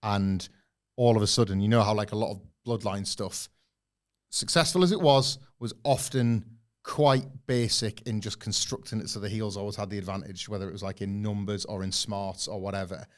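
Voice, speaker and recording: A man's voice: lowish voice, moderate pace. A man, co-hosting a podcast with enthusiastic, rambling analysis. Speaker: podcast co-host. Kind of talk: casual review chat.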